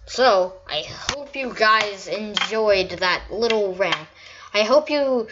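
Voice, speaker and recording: A woman rants at a slow, unhurried pace, her tone sarcastic and mocking. The recording is muffled and lo-fi. A faint hiss and the click of keyboard typing sit behind her voice. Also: mid-range voice, expressive. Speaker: YouTuber. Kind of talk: ranting vlog commentary.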